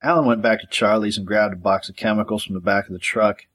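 A man narrating a gritty crime novel in a steady, matter-of-fact audiobook reading. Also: on the low side, fast.

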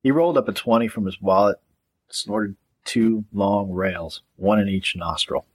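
A man narrating a gritty crime novel in a steady, matter-of-fact audiobook reading. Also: fairly low pitch, a little slow, breathy edge.

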